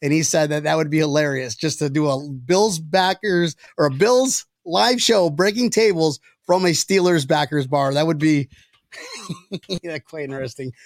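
A man hosting a casual sports podcast, excitable and rambling, laughing often between thoughts. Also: on the high side, normal speed, dry recording, studio quality. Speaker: podcast host.

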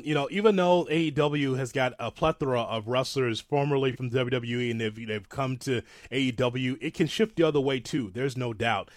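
A man chatting casually as a podcast co-host, his voice sitting at an ordinary middle pitch. He rambles, restarts and jumps to animated asides. The sound is dry and close, with no room around it. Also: no echo. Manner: rambling, self-deprecating, animated. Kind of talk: casual wrestling chat.

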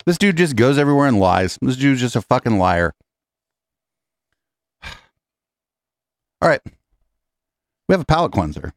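A man's voice: mid-range voice, sing-song, moderate pace, pauses often, no echo, clean studio sound. A man hosting a podcast, giving blunt, profane, offhand commentary. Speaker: podcast host. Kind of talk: casual commentary.

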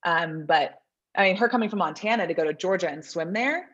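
A woman's voice: on the low side, a little fast, fairly bright tone, husky. Chatty woman on a dull remote line. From American South. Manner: chatty, laughs often, self-deprecating. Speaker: podcast guest. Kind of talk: casual interview chat.

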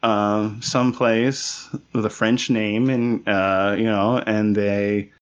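A man's voice: on the low side, level tone, slow pace, smooth. A man hosting a podcast in casual chat, rambling with many fillers and giggling. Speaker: podcast host. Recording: lo-fi podcast audio.

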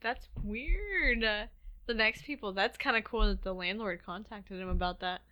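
A woman with a bright, forceful voice chats casually as co-host. She tosses in playful, joking remarks. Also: mid-range voice, normal speed. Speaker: podcast co-host. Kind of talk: casual chat.

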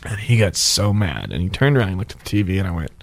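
A man in his thirties hosting a casual chat, telling animated stories and laughing often. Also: low voice, fast talker, gravelly, no room sound. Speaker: podcast host.

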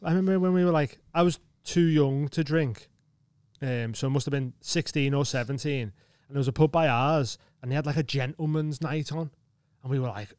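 A man's voice: mid-range voice, fairly quick, darkish tone, clear, resonant tone, no echo, studio quality. A man hosting a podcast, chatting and laughing along in a casual way. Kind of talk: casual chat.

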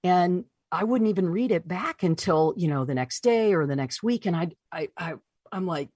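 Low husky woman telling her story. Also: moderate pace, dry recording, studio quality. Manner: animated, voices her own past reactions. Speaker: interview guest. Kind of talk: personal storytelling.

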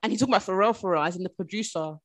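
A woman, hosting a podcast in casual, animated chat with quick reactions. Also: mid-range voice, background noise. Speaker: podcast host.

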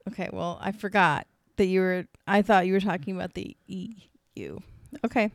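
A woman's voice: medium pitch, moderate pace, no room sound, studio quality. A woman co-hosting a casual talk show, explaining things earnestly and with many restarts, and getting flustered when she is teased. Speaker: podcast co-host. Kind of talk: casual chat.

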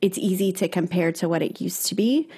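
A woman's voice: on the low side, brisk, warm tone, slightly rough. Earnest, hesitant woman guest. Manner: earnest, hesitant, many ums and restarts. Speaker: guest, runner. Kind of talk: casual conversation.

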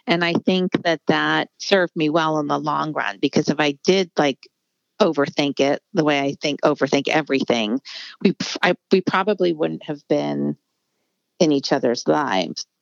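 A middle-aged woman with a low, gravelly voice talks candidly as a guest author, rambling and filling pauses. Her voice is close and dry, with a dull, slightly muffled tone. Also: dry recording. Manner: candid, rambling, lots of fillers. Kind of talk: casual interview conversation.

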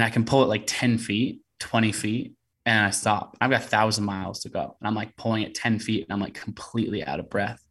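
Podcast guest, a man with a lowish voice, earnest storyteller. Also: a bit bright. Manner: earnest storytelling, many "you know" fillers. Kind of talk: storytelling interview.

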